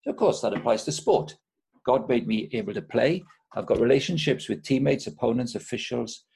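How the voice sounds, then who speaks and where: Brief: man, gravelly and husky, earnest teacher unpacking scripture for a podcast audience. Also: medium pitch, expressive, brisk, darkish tone. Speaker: guest, Christian sports speaker. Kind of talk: explaining scripture in conversation.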